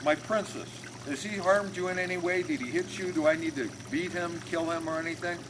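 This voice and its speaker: A man's voice: sits high, fairly even intonation, fairly quick, pitched above the performer's own voice, natural voice. A man voicing a crooked, streetwise male finance manager who talks out of the side of his mouth and speaks bluntly and protectively, recorded over trickling water noise. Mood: tough. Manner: blunt streetwise tough-guy talk.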